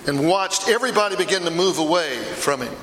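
Guy doing peter the apostle, blunt fisherman type, gravelly bright voice, big echoey church. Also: on the high side, expressive, fairly quick, slight background noise. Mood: earnest. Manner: storytelling, emphatic, confiding asides. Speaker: preacher performing a first-person monologue. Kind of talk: dramatic monologue sermon. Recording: echoey hall with long reverb.

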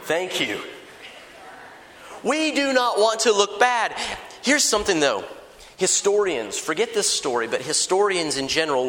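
A man preaching a sermon in a conversational, lively way, acting out little dialogues. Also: a little high. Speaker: pastor. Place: large church hall. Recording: echoey church hall.

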